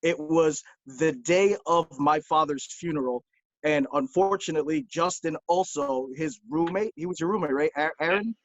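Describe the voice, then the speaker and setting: Higher voiced guy telling a story on a call, dull muffled sound, dry. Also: moderate pace, no room sound. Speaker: podcast guest, volleyball player. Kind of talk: casual chat.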